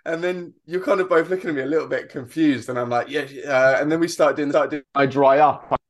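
A man's voice: on the high side, fairly quick. Guy hosting a chat show, tells stories with lots of energy, laughs at himself. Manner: animated storytelling, self-deprecating. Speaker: podcast host. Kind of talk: casual interview chat.

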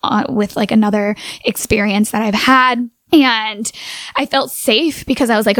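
A woman's voice: on the high side, steady tone, normal speed, fairly bright tone, dry recording. Earnest woman telling a personal story. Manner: earnest, full of "like" fillers.

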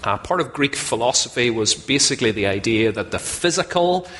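A man's voice: medium pitch, animated, a little fast, fairly bright tone. A man preaching a sermon in a conversational, self-deprecating way, often putting questions to his listeners. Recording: long hall reverb, faint ambience.

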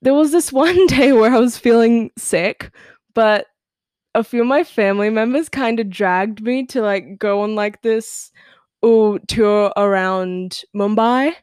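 A woman's voice: fairly high pitch, unhurried, darkish tone, clean tone, no room sound, clean studio sound. A teenage girl from Australia hosting her own podcast, chatting casually, giggling often and filling her talk with "like". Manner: giggly, chatty, lots of "like" fillers. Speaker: podcast host. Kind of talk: casual solo podcast chat.

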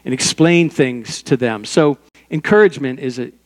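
A man's voice: mid-range voice, normal speed, long reverb tail. An older man preaching a sermon as pastor, in a conversational way with personal stories and small asides.

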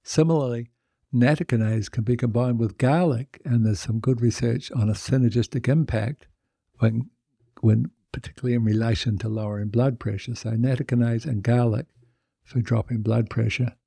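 A man's voice: medium pitch, fairly even intonation, moderate pace, creaky, warm tone, husky, dry recording. A male podcast host in a chatty monologue, joking and self-mocking as he speaks into a close studio mic. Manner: chatty, self-mocking, fond of puns and jokes.

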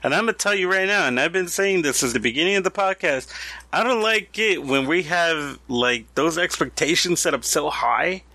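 Gravelly, bright-voiced man telling stories. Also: fairly high pitch, normal speed, dry recording. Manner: animated storyteller, jokey. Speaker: podcast co-host. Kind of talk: casual chat.

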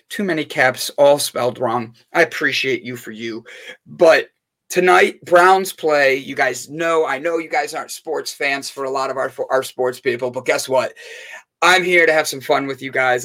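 A bright, energetic man hosts a casual live stream. He banters playfully with his viewers and jokes as he reads their comments. His voice sits a little high. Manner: upbeat, playful, jokey with chat. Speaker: livestream host.

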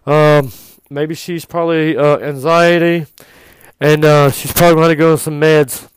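A man voicing a hesitant vet who fumbles through his advice with many ums and uhs, louder than his own voice. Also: on the high side, steady tone, clean tone, no room sound, natural voice, rough recording. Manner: halting, full of ums and uhs. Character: hesitant male veterinarian, fumbling and mild.

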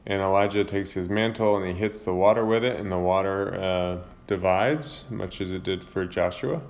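At a normal speed, a deep-voiced man paraphrases a book of the Bible informally, adding his own commentary. His retelling is loose, full of fillers and corrections of himself.

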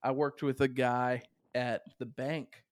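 A man's voice: medium pitch, takes it slowly, dry recording. A young man with a Southern US accent, hosting a casual podcast chat and telling stories with frequent laughter. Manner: animated storyteller, laughs often. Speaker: podcast host.

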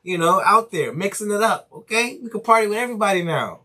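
A man hosting a casual solo podcast, reading news items aloud haltingly and chatting loosely, swearing freely. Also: high voice, expressive, bright, forceful tone. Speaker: podcast host.

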